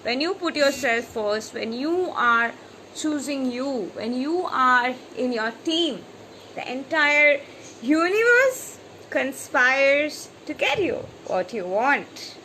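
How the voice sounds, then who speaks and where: A woman's voice: high-pitched, takes it slowly, a little hiss or hum, low-quality recording. A woman spiritual coach giving an emphatic motivational talk on a live stream, acting out anxious voices as she goes. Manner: animated, acts out anxious voices; repetitive, emphatic. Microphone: phone or webcam on a live stream.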